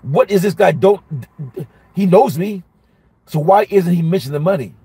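A man teaching a Bible study as a minister, telling a personal story in a lively sermon style and repeating each phrase for emphasis. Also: high-pitched, moderate pace, breathy edge, no echo.

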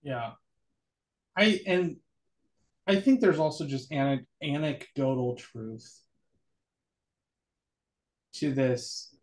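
A man's voice: medium pitch, extremely slow, pauses often. A man co-hosting a casual church talk show, joking and musing aloud, then reading scripture verses. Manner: animated, jokey, muses aloud. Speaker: church podcast co-host.

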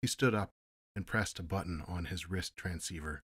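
A man narrating an audiobook in a measured, steady storytelling manner. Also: low-pitched, breathy edge, no echo, studio quality. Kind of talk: audiobook reading.

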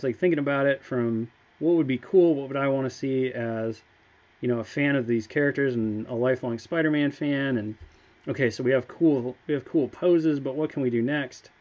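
A man's voice: medium pitch, moderate pace, a little mellow. Enthusiastic chatty man, dull lo-fi audio. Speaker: game studio staff member. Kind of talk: casual livestream chat.

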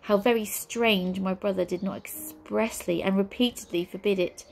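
A woman's voice: mid-range voice, steady tone, gravelly, a little mellow, a little hiss or hum, lightly acted. A woman as a cool, smug witch. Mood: gleeful. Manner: cool, drawn-out, teasing delivery.

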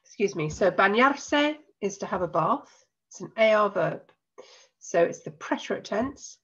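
A woman teacher with an English accent and a cold, patiently explaining a recorded lesson and slowing down to spell things out. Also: mid-range voice, animated, husky, muffled recording. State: has a cold.

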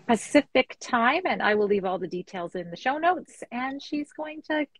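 A woman's voice: a little high, expressive, normal speed, breathy edge, no room sound, rough recording. A woman co-hosting a live art chat, friendly and informative as she gives announcements over a video call. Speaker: co-host. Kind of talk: casual chat.

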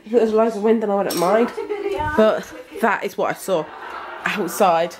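A woman's voice: mid-range voice, moderate pace. A woman in her twenties from the UK, chatting casually to her viewers while filming at home. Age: 20s. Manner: chatty and rambling, addressing viewers directly. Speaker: vlogger. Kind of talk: casual vlog chat. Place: at home indoors.

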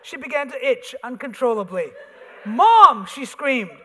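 A man, an author, reading his comic essay aloud on a theater stage with wry, animated storytelling. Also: very high voice, fairly quick. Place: theater stage before an audience. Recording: reverberant theater hall.

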